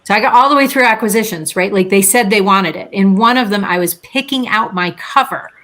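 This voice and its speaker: A woman therapist and author, a guest in an interview, telling her story with lively acted-out quotes and frequent laughter. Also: a little fast. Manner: lively storyteller, acts out quotes with big pitch jumps. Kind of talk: animated interview conversation.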